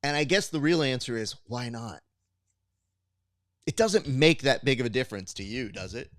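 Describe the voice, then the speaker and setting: A man's voice: medium pitch, moderate pace, dry recording, clean studio sound. A man hosting a podcast in casual chat, telling stories and acting out the people in them. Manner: animated storyteller, acts out quoted exchanges. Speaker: podcast host.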